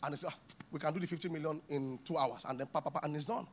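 A man preaching a sermon in a church, animated and acting out little scenes with voices. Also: fairly high pitch, rapid-fire, a little hiss or hum. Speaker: pastor.

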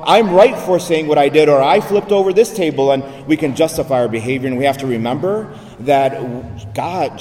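A man's voice: a little high, dark tone. A man, a priest, giving a sermon in a conversational preaching style with frequent rhetorical asides, recorded in a church. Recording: echoey church hall, voice from far off.

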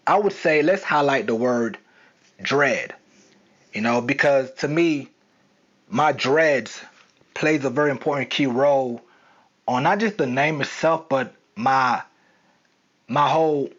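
A man's voice: mid-range voice, a bit bright. A young man with a Southern accent hosting an unscripted solo podcast, talking casually with lots of fillers. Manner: casual, rambling, many fillers. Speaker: podcast host. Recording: dull lo-fi sound.

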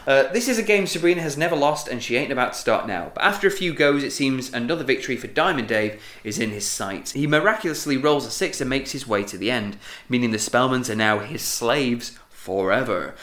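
A man's voice: medium pitch, lively intonation, a little fast, hardly any pauses, a bit bright. A man co-hosts a podcast and walks through an episode's plot in a playful, jokey way. His voice sits in a middle range. The recording has a noticeably roomy echo. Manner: playful, summarising with jokey asides. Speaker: podcast co-host recapping an episode. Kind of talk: casual recap and chat.

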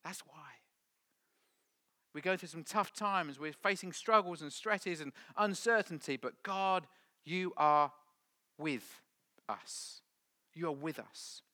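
A middle-aged man preaches a sermon, his voice bright and ringing. He builds to loud, emphatic lines, then drops to hushed, almost whispered words. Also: on the high side, slow, pauses often, no echo. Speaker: pastor.

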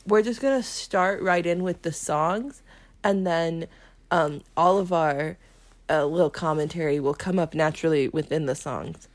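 A woman co-hosting a podcast, chatting casually. Her voice sits a little low, and the sound is dry and close. She hesitates often and fills pauses with soft fillers, with a giggly looseness. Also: no room sound. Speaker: podcast co-host. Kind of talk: casual chat.

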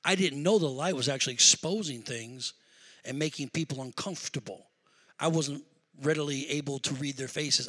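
High, bright-voiced fervent preacher man. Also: normal speed, breathy edge. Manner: storytelling that builds to loud, fervent preaching. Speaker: pastor. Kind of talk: sermon.

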